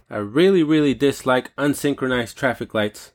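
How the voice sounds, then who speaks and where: A man delivering a comedic solo rant as host, rambling and profane with silly tangents. His voice sits a little high for a man. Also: normal speed. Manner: rambling, profane, jokey digressions.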